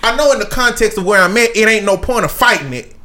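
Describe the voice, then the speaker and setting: A man from the Southern United States chats casually on a podcast, telling stories, joking, and laughing often. His high voice is fast, sharp, and lively in intonation, with a little hiss or hum.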